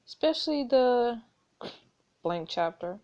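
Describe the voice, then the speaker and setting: A woman's voice: on the high side, expressive, takes it slowly, darkish tone, muffled recording. Playful woman reading a story game. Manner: playful, chatty, laughs while reading. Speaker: gaming video creator.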